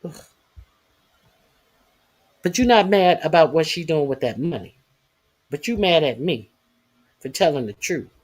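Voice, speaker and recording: A livestream host giving news commentary in a taunting, profane way, filling pauses with constant "uh"s. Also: medium pitch, expressive, breathy edge. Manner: profane, taunting, heavy "uh" fillers. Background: reading chat comments.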